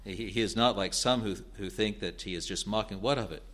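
A man preaching an expository sermon in a deliberate, earnest way, building to emphatic rises. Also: fairly low pitch, steady tone, a bit bright.

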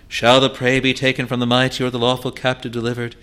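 A man preaching a sermon in an earnest, pleading manner, slowing for scripture and rising to emphatic peaks. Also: mid-range voice, monotone, fairly bright tone, smooth. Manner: slow, deliberate delivery of scripture.

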